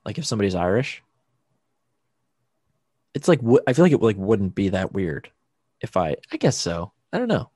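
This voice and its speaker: An American man co-hosting a casual podcast, rambling through his thoughts with plenty of laughs and swearing. His voice is dark and a bit husky, with a lively, swinging pitch. The sound is dry and close. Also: normal speed, pauses often, no room sound. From United States. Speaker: podcast co-host. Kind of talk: casual chat.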